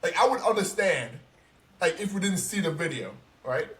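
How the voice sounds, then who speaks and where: A young man talking casually on a podcast, ranting in an animated, profane and emphatic way. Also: sits high, moderate pace. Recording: roomy, distant mic, faint noise.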